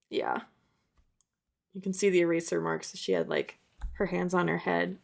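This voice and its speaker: A woman's voice: lowish voice, sing-song, unhurried, gravelly, pauses often. A young woman narrating a casual sketchbook tour, chatty and self-mocking, laughing at her old drawings. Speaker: art vlogger.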